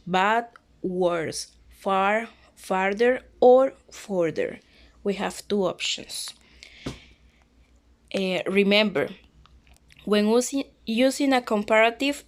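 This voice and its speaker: A young woman explains grammar rules at a slow, unhurried pace, repeating each word so learners can follow. Her voice sits in an ordinary middle pitch, with small grammar slips of her own. The delivery is patient and methodical, like a classroom walkthrough. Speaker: English teacher.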